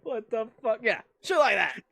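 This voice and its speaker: A man interviewing a guest in casual chat, excitable and laughing often, swearing freely. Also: high-pitched, moderate pace, gravelly, no echo. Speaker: interviewer and streamer.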